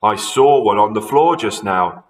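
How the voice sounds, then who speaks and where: Storybook villain: man playing a nasty old man, loud and jeering. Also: on the low side, animated, a little slow, recorded from a distance, a little hiss or hum. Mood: mocking. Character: mean, scheming old man, gruff and mocking.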